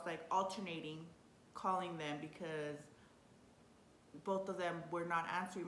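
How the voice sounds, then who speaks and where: A young woman tells a personal story to the camera in an easy, chatty way. Her voice sits a little low, and she gets excited, laughs often and restarts her sentences. The room sounds echoey, with a faint rumble underneath. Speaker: vlogger. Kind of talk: casual storytelling.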